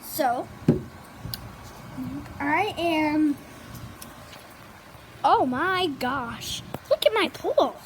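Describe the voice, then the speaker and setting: A female vlogger with a high, bright-sounding voice, talking slowly and rambling as she shows off her pets, now and then cooing at them. It is a noisy home phone video with rain hissing in the background. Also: lively intonation. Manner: chatty, rambling, coos at her dogs in a high voice.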